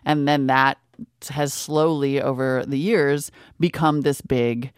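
A woman's voice: rumbling low, fairly even intonation, clean tone, dry recording, studio quality. Upbeat chatty woman podcast co-host. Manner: upbeat, chatty, sound effects and quick asides. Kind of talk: casual chat.

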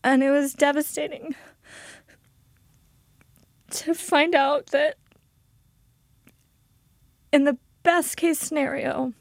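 A woman guest telling a personal story in an interview, halting and emotional, with frequent restarts. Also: sits high, steady tone, dry recording.

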